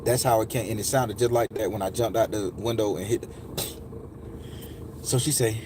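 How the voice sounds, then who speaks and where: A man's voice: lowish voice, a little fast, background noise. Candid man telling a personal story. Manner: candid, profane, addresses viewers directly. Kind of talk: emotional first-person storytelling.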